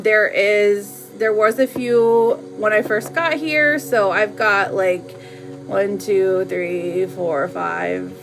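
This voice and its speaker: A woman hosting a live oracle card reading, chatty and playful, laughing often as she reads for viewers. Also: mid-range voice. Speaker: live tarot reader.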